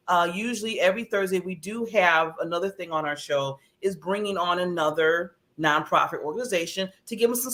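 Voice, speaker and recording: A woman co-hosting a talk show, chatting casually, acting out quotes and laughing often. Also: mid-range voice. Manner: animated storytelling, acts out quotes, laughs often. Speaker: co-host. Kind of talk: casual chat.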